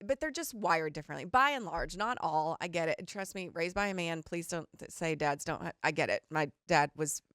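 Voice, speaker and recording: Candid rambling mom on a podcast. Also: female voice, sits low, fairly quick, few pauses, dry recording, clean studio sound. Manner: rambling, animated, candid, swears casually. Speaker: podcast co-host. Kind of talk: casual chat.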